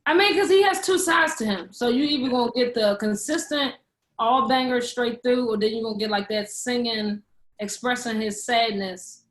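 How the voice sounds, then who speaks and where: A woman's voice: fairly high pitch, moderate pace. Easygoing woman in an echoey room. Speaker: podcast guest. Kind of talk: casual conversational podcast.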